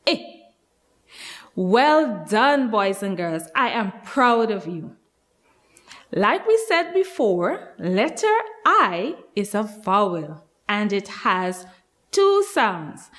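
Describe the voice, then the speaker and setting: A woman with a Guyanese accent teaching a nursery class, speaking slowly and spacing her words clearly for small children. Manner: slow, clearly spaced words with lively rises in pitch. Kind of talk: slow, sing-song lesson for young children.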